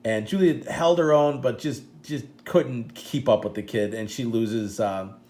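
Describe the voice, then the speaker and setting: Speaking to camera, this middle-aged karate coach and father wanders through a lengthy personal story, often breaking off and starting sentences over. His pitch is medium, his tone darkish, and he takes his time. At moments he gets choked up.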